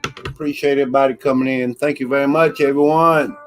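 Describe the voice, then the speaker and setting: A man hosting a casual livestream, slowly greeting viewers and thanking chatters by name. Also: medium pitch, steady tone, faint music behind. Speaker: livestream host.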